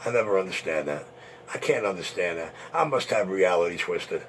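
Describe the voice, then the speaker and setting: A man's voice: deep voice, expressive, a little fast, background noise. A man hosting an internet radio show, taunting and boasting in a profane monologue.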